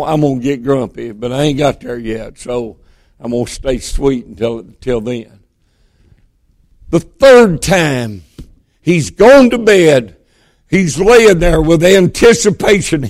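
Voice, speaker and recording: A man from Georgia preaching a sermon, telling the story in a folksy way that swings between emphatic bursts and hushed, quiet moments. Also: fairly high pitch, no echo.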